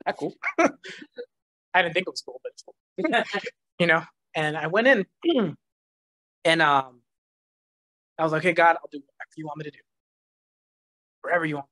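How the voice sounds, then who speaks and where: A man's voice: on the high side, normal speed, long pauses, dry recording. A man giving a personal testimony at church, telling his story with animation and frequent laughter. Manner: animated storytelling, laughs often, acts out voices in quotes.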